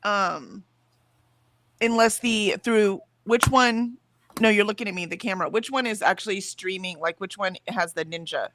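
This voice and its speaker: A woman with a Southern US accent co-hosts a casual morning stream, reading chat messages aloud and laughing easily. Her medium-pitched voice is a bit bright, at normal speed, picked up by a headset mic.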